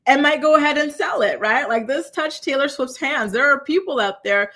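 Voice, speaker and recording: A woman's voice: sits high, moderate pace, sharp tone. A woman hosting a casual gossip show, recapping reality TV in a blunt, sassy, chatty way and talking straight to her viewers. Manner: talks straight to live chat viewers. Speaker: celebrity gossip host.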